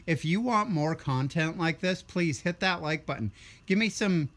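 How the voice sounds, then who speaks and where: A young man with a somewhat high voice delivers a blunt, sarcastic political rant. He sounds tired, with a ranting, combative edge throughout. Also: moderate pace, fairly bright tone. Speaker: vlogger.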